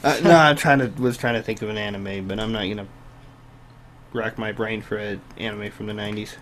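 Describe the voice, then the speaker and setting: A man's voice: fairly low pitch, fairly even intonation, fairly quick, fairly bright tone, slight background noise. A young man co-hosting a podcast, talking casually with some hesitation. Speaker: podcast co-host. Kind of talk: casual chat.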